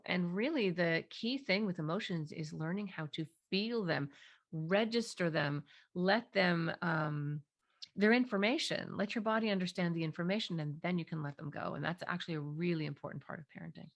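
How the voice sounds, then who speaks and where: A woman's voice: on the low side, moderate pace, creaky. A middle-aged woman, a parenting clinician, explaining techniques in an interview and animatedly acting out parent and child voices.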